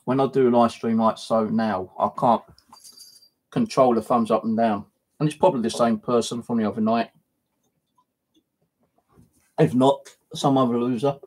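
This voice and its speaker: A British man chatting casually on a live stream from his flat, blunt and sweary, scolding as he talks. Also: mid-range voice, normal speed, pauses often. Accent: British English. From United Kingdom. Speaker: paranormal vlogger. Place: home flat.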